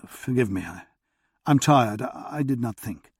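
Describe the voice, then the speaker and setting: A man reading a tired, earnest doctor from another century who speaks with courtesy and some hesitation. The voice is husky and sits at a middle pitch, recorded close and dry. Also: animated, a little slow, dry recording, heavily acted. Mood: hesitant. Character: tired, earnest widowed doctor in period England.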